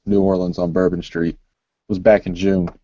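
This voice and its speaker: Dark-voiced man telling a rambling story. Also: low voice, level tone, moderate pace. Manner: rambling storytelling, heavy swearing. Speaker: podcast co-host. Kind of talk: casual crude chat. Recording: muffled lo-fi recording.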